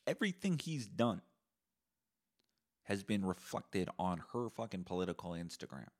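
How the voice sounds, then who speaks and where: A man's voice: low voice, sing-song, normal speed, darkish tone. Profane, sarcastic ranting podcast man. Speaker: podcast host. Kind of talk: solo podcast rant.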